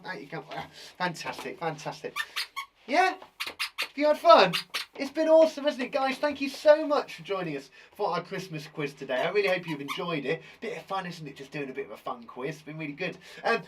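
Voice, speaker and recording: A man hosting a live quiz show for children, full of enthusiasm and little jokes. His voice sits high for a man and swings up and down in a very animated way. He chats freely with his young viewers. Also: a little hiss or hum. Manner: enthusiastic, jokey, chatty. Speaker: teacher and host of a children's show.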